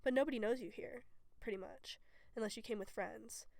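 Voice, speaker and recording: A woman's voice: on the high side, a little fast, vocal fry, darkish tone, dry recording, studio quality. A young woman from Texas, a student guest, talking casually and filling speech with "like". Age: young adult. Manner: chatty, peppered with "like". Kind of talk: casual chat.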